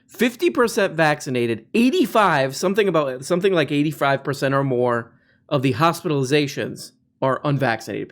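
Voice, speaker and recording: A man hosting a podcast, giving casual, sarcastic comedic commentary on video clips. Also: fairly high pitch. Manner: sarcastic, mocking. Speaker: podcast host.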